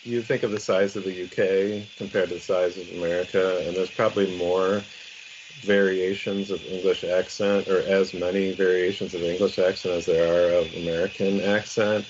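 A very deep, flat man's voice explains at a measured pace in a podcast chat, pausing with ums. The sound is muffled, with steady noise clearly heard behind him.

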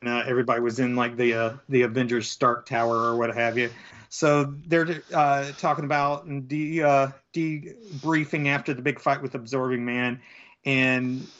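A man co-hosting a casual podcast, rambling through his points with plenty of "uh" and "like" and frequent restarts. He talks at an ordinary middle pitch. The recording sounds a little dull and lo-fi. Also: fairly bright tone. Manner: rambling, full of fillers and restarts. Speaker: podcast co-host. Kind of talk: casual chat.

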